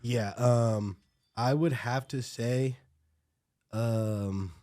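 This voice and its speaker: A man's voice: medium pitch, fairly even intonation, extremely slow, warm tone, no echo, studio quality. A young man, a podcast guest, telling stories in laid-back slang with a lot of "like". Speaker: guest, dancer and new comic. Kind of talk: casual chat, storytelling.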